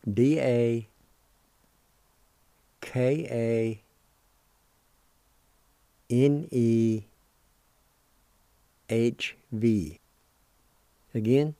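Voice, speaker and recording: A man's voice: mid-range voice, mellow, dry recording. A man hosting a radio language lesson, patiently spelling out words and repeating each syllable with encouragement. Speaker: radio host teaching a language.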